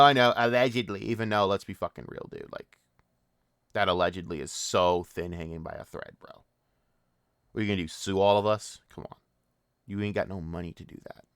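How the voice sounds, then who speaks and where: A man's voice: fairly low pitch, a bit bright, smooth, dry recording, clean studio sound. A man hosting a commentary channel, ranting in a profane, mocking and exasperated way.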